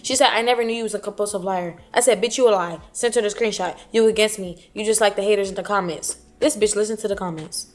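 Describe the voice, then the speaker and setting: A woman's voice: mid-range voice, fast talker, hardly any pauses. Blunt, profane woman retelling a fight. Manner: blunt, profane, animated when quoting. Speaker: streamer recounting a dispute. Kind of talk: casual retelling with quoted dialogue.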